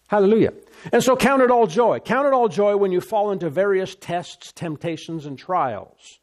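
A man preaching a sermon, emphatic and repetitive, his voice rising high when he gets excited. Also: moderate pace. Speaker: pastor.

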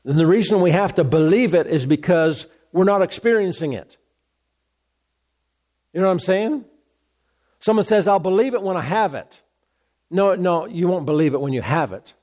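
A man preaches a sermon in a fairly high voice. He presses his points by repeating phrases and often restarts mid-sentence. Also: moderate pace, pauses often, a little mellow.

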